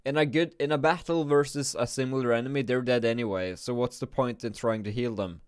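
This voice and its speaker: Sleepy male game commentator, mid-pitch, dry close sound, rambling and self-correcting. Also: a little fast, clean tone, no room sound. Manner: rambling, thinking aloud with frequent restarts. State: drowsy, just woke up and yawning. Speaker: gaming video creator.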